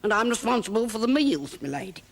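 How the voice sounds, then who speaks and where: An actress playing a strict middle-aged cook in a great house, speaking in a husky, halting voice. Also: female voice, a little high, big pitch swings. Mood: defiant. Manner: defensive then grieving, broken speech. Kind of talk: period television drama.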